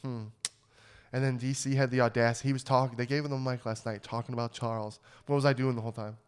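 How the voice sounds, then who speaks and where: A man's voice: medium pitch, little pitch movement, fast talker, smooth. A young man co-hosting a podcast in casual chat, fired-up and swearing freely as he rants. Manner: profane, fired-up ranting. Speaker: podcast co-host.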